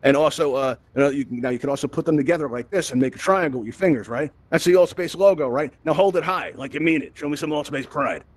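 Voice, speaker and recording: A man's voice: a little high, quick pace, few pauses. A man from Brooklyn hosting a live VR event and teaching the audience, chatty and upbeat, tagging his lines with "right?". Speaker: event host and VR instructor. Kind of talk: live presentation to a virtual audience.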